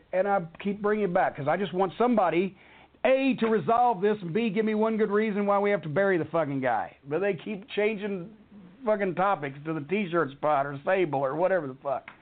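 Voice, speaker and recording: A middle-aged man with a fairly high voice tells a long, rambling backstage story, swearing freely and getting worked up as he goes. The sound is thin and tinny, like a phone line. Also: fairly quick. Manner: heated, cursing, rambling storyteller. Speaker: wrestling storyteller. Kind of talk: profane anecdote on a talk show.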